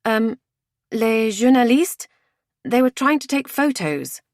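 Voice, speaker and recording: A woman reading as a fretful woman on holiday, talking fast and pressing the others to act. She sits a little above the narrator's own low voice, in a dry, close audiobook recording. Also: sing-song, a little mellow, no echo, heavily acted. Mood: anxious. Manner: anxious, urgent. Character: anxious British woman on holiday.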